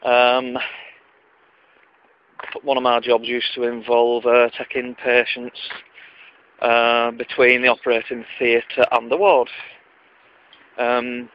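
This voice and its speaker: A man's voice: medium pitch, completely flat delivery, slow, long pauses. A man with a Wigan accent rambling through comic anecdotes in a dry, self-mocking way. His voice sits in a middle register. He is outdoors at night, and the sound is dull and lo-fi.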